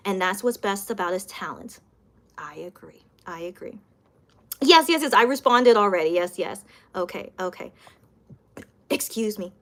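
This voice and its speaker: Chatty young woman live-streaming. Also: on the high side. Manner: chatty, repeats words, laughs often, reads viewer comments aloud. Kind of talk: casual live-stream chat.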